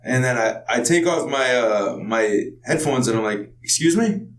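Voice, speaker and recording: A man's voice: mid-range voice, moderate pace, roomy sound, recorded from a distance, slight background noise, rough recording. A man co-hosting a podcast, telling a rambling story in casual chat. He laughs often and swears freely. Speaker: podcast co-host.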